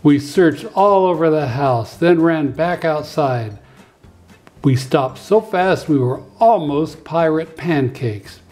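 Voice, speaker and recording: Male preschool teacher, storybook read-aloud; expressive and unhurried, faint background music. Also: fairly high pitch. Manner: expressive, lively storytelling with voices.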